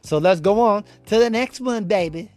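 A man hosting a podcast in a laid-back, playful way, with rhyming shout-outs and frequent laughs. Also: high voice, normal speed. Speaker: podcast host. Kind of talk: casual podcast chat.

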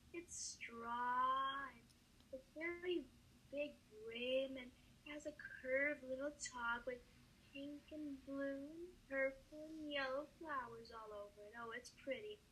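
A woman voicing a dreamy, overemotional street harmonica player in a comedy sketch, talking softly and rambling, then breaking into tearful wails. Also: high voice, slight background noise, poor audio. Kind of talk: comedy sketch role-play.

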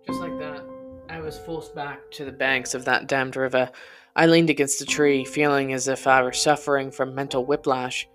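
A podcast narrator telling a personal story in the first person, in a quiet, intense, confessional way. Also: mid-range voice, flat delivery, normal speed, music in the background.

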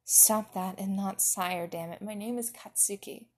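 A woman voicing a gruff, blunt young dragon king who scowls and swears. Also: medium pitch, measured pace, darkish tone, natural voice.

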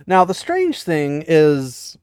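A man's voice: on the high side, wildly swooping pitch, slow pace, a little mellow, clean tone, no room sound, studio quality. A man chatting casually as he recaps a fantasy book, laughing at the story now and then.

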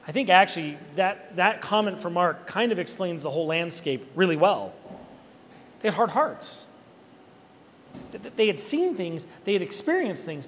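A man preaching an expository sermon, animated and emphatic, with conversational asides to his listeners. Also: high voice. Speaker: pastor. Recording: reverberant hall with faint background noise.

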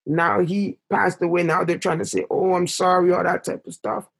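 A man's voice: fairly even intonation, moderate pace, gravelly, a bit bright, slightly rough. A young man from Canada telling a painful story as a podcast guest, impassioned and full of fillers. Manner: impassioned, rises in pitch when upset, many fillers. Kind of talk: emotional storytelling in conversation.

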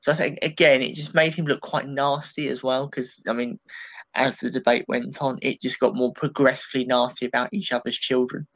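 Man giving animated political takes. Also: medium pitch, fairly quick, rough recording. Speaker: political commentator. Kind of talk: casual podcast discussion.

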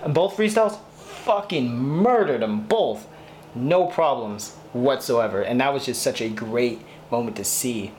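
A man's voice: medium pitch, lively intonation, measured pace, darkish tone, a little hiss or hum. A man hosting a podcast, talking through a TV show in a rambling, gushing, heartfelt way. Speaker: podcast host. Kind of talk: casual solo TV review.

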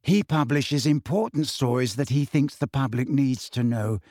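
A man voicing a dreamy, odd teenage girl who talks softly and vaguely. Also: medium pitch, dry recording, studio quality, lightly acted. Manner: dreamy, soft, unhurried.

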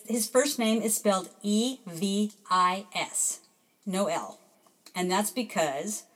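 A woman hosts a podcast in a loose, chatty way, reading out messages from listeners and drifting into her own stories. She pokes fun at herself as she goes. Her voice sits in an ordinary middle pitch. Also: poor audio. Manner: chatty and self-deprecating, laughs often. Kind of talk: casual chat.

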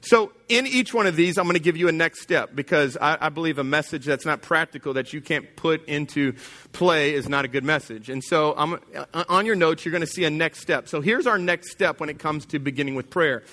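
A man's voice: fairly high pitch, a little fast, pushed and bright. A man pastor preaching a sermon to his congregation in an emphatic, casual and plain-spoken way.

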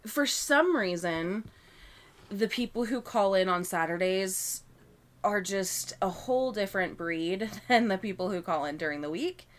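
A woman's voice: medium pitch, a little slow. A woman co-hosting a casual chat, telling a story about a rude caller and acting out both sides of the phone call. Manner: animated retelling of a customer service call, acting out both sides.

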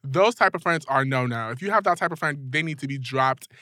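A young man co-hosting a podcast in casual chat, animated and sassy, swearing freely. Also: fairly high pitch, fairly quick, dry recording, studio quality. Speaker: podcast co-host.

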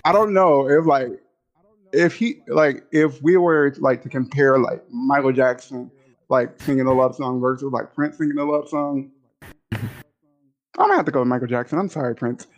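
A male podcast co-host in casual chat, talking in an animated, excitable way, repeating himself and often breaking into high laughter. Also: normal speed, dull audio.

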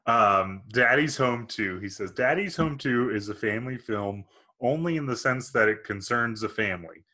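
A man's voice: mid-range voice, moderate pace, sharp tone. A man co-hosting a podcast, reading movie reviews aloud in casual chat and laughing often. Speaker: podcast co-host.

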